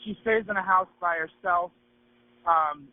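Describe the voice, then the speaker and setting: A man's voice: high voice, unhurried. A nervous young man making an emergency phone call, stumbling and restarting his words. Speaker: caller to emergency line.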